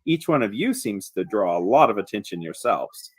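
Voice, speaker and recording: A man's voice: lowish voice, very animated, moderate pace, husky, pitched below the performer's own voice, full character voice. Smug drawly creature guy, a man putting it on, mock polite, swoopy voice. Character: smug lackadaisical male creature, theatrical.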